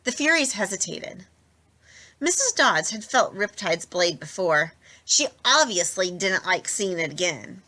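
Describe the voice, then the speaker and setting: A young adult woman reading a novel aloud with expressive, lively narration. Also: lowish voice, a little slow. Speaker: storybook reader.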